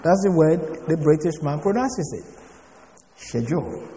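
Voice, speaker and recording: Male preacher, fairly high voice, methodical, spells out words, sermon-style teaching, echoing hall. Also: dark tone, slight background noise. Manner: deliberate, spells words out letter by letter. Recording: reverberant hall recording.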